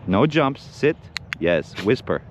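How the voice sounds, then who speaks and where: A man's voice: mid-range voice, big pitch swings, takes it slowly, background noise. A man chatting casually on an outdoor livestream while training his dog, rambling with restarts and giving short firm commands. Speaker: dog owner and co-host. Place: outdoors in a park.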